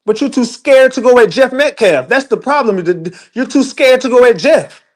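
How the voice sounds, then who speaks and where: A man's voice: extremely high pitch, animated, normal speed. A man ranting on a livestream, profane and emphatic, talking straight to his chat. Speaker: livestream commentator. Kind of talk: heated livestream rant.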